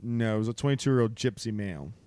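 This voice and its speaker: A man's voice: on the low side, lively intonation, fast talker, dark tone, smooth, no room sound, clean studio sound. A man reading a news story aloud in casual chat, laughing often and mocking how the article is written. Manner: laughs often and breaks off to mock the article's writing. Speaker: podcast co-host.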